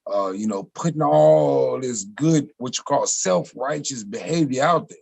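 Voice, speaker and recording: A man's voice: medium pitch, animated, measured pace, vocal fry, a little mellow, breathy edge, poor audio. A man in his forties talking casually and reflectively on a video call. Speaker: guest. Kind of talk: casual chat.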